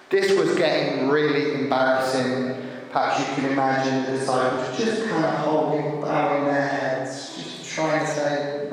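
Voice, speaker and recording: A man preaching a sermon, retelling a Bible story with animated shifts as he voices the characters. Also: on the high side, normal speed. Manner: storytelling, acting out biblical characters with lively shifts. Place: church hall. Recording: echoey hall from far off.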